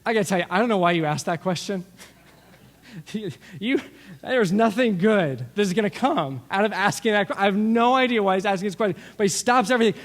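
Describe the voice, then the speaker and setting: A middle-aged man preaching a sermon as pastor, telling stories with lively asides and acting out what people said. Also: high voice, brisk. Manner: storytelling, animated with asides and acted-out quotes. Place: church sanctuary. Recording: long reverb of a large hall.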